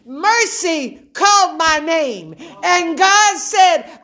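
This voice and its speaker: Middle-aged female preacher, high-pitched, deliberate fervent sermon delivery. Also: animated, fairly bright tone. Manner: emotional, fervent preaching with call-and-response.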